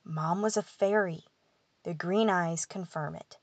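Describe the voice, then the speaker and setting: A wry, sardonic young prince with fairy blood, telling his tale in an audiobook, as a woman narrator voices him. Her lowish, dry delivery keeps him understated. The sound is close and free of room echo. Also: unhurried.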